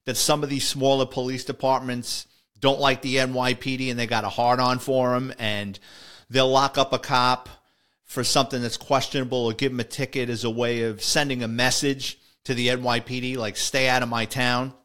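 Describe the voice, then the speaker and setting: A man's voice: medium pitch, level tone, moderate pace, fairly bright tone. A middle-aged man, a retired police officer, telling a story in a casual monologue and voicing the people in it. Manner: conversational, voices the people in his story.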